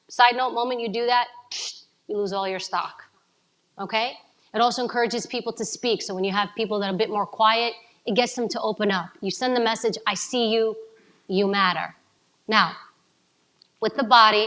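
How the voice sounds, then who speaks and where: A woman from New giving an energetic coaching talk to a live audience, asking them questions. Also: a little high. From New York City. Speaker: speaker at a summit.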